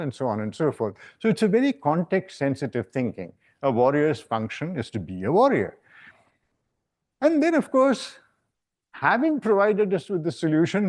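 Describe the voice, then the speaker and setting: A man's voice: a little high, darkish tone. A man giving an academic lecture, a professor talking in a discursive way and often checking in with "right?". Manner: discursive, frequent "right?" tags. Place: lecture hall.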